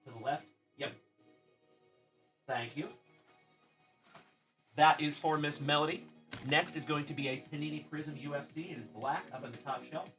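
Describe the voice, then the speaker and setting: A man's voice: on the high side, normal speed, pauses often, a bit bright, faint music behind. A middle-aged man from South Texas hosting a casual card-breaking livestream, chatty and upbeat, greeting viewers by name.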